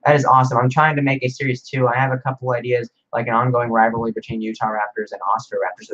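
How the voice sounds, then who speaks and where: A man hosting a casual livestream Q&A, rambling excitedly as he reads viewer comments aloud. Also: mid-range voice, fast, hardly any pauses, lo-fi sound. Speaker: livestream host.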